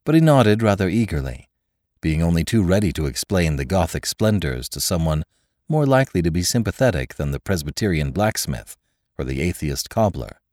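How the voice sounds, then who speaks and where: A man narrating a classic story as a podcast host, in measured, expressive storytelling. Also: deep voice, no echo, studio quality. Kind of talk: audiobook narration.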